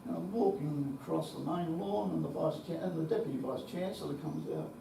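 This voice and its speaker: A man's voice: a little high, a little fast, gravelly, noisy background. Older Australian man swearing through a story. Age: 70s. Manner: salty storytelling, frequent swearing and chuckles. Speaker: conference speaker. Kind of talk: anecdotal conference talk. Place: conference hall. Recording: echoey hall, distant mic.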